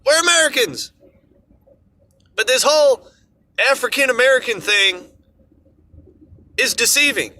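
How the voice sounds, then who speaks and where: Sharp-voiced ranting man. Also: very high-pitched, lively intonation, a little slow, pauses often, no echo. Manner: exasperated, ranting, sarcastic. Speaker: vlogger. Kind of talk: opinion rant to camera.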